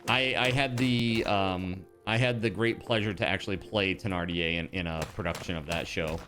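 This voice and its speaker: A man casually chatting to his viewers while he plays a game, animated and rambling, with many fillers and restarts. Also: sits low, moderate pace, faint music behind. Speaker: streamer.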